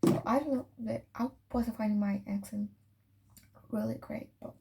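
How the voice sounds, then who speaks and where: A woman's voice: fairly high pitch, steady tone, normal speed, vocal fry, background noise. A teenage girl from France with a slight French accent, chatting casually and rambling while doing her night skincare, often slipping into a whisper. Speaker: vlogger. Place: home bathroom.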